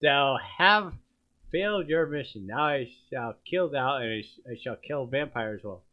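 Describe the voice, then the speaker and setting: A man voicing a cruel male dark lord in a raspy, wrathful, mock-archaic tone. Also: mid-range voice, moderate pace, lightly acted. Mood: menacing. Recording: dull lo-fi stream audio.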